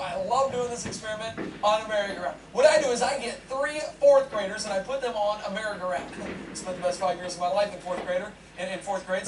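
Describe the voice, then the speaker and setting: A man giving a humorous lecture to an audience, animated and joking, often asking the crowd questions. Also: very high voice. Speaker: seminar speaker. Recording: echoey hall, distant mic, noisy.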